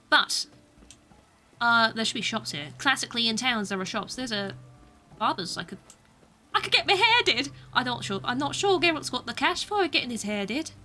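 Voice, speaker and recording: Giggly high-voiced woman streamer. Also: pushed and bright. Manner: chatty, giggly, self-mocking asides. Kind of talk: live gameplay commentary.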